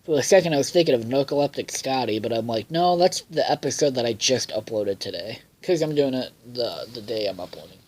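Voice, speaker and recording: A young man reviewing a cartoon episode in a casual, rambling way, with many fillers, swearing, and lines he acts out in higher voices. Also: lively intonation, fairly quick, few pauses, a little mellow, breathy edge. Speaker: show reviewer.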